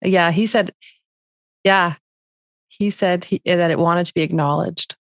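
A woman's voice: on the low side, fairly even intonation, a little slow, gravelly, no echo. A woman hosting a podcast interview, earnest and openly emotional, who at times reads a passage aloud with feeling. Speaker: podcast host. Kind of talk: conversational interview.

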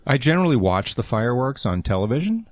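A man's voice: mid-range voice, sing-song, quick pace, no room sound, studio quality. A man on a comedic talk radio show, speaking in a formal, stiff and hesitant way.

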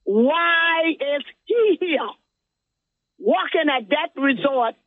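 A male caller tells a rambling, heated story. His voice sits high and dry. It comes through a tinny, phone-like line. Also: animated, very slow, no room sound. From Turks and Caicos Islands. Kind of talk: call-in radio complaint.

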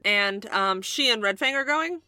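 A young woman playing a tabletop role-playing game, playful and excitable, often cutting in with jokes. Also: medium pitch, measured pace, no room sound, studio quality. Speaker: player. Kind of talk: casual tabletop game play.

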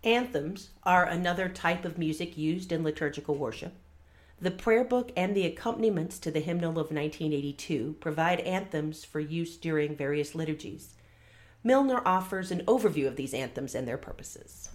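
A woman with a low-pitched voice reads a formal course introduction in an even tone. A faint hiss sits behind her. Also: normal speed. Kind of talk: scripted introduction.

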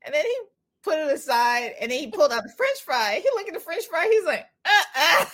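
A woman hosting a casual podcast interview, animated and laughing a lot as she tells stories and reacts to her guest. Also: high-pitched, quick pace. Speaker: podcast host.

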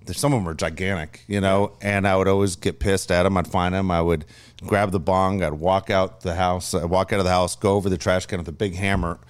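A man's voice: low voice, a little fast, clear, resonant tone. A middle-aged man, a father co-hosting a podcast, telling family stories in a laid-back, casual way. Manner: laid-back, animated when acting out his son's yelling. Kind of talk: casual storytelling chat.

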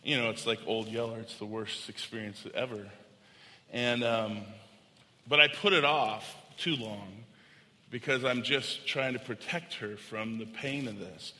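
A man's voice: medium pitch, a little slow, sharp tone. A man preaching a sermon as pastor, earnest and conversational, telling a personal story to his congregation. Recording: long hall reverb.

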